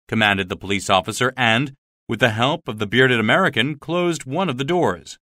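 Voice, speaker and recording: A man narrating a graded reader story aloud in a lively, expressive way, recorded on a close studio mic. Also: on the low side, normal speed, no echo. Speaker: audiobook narrator.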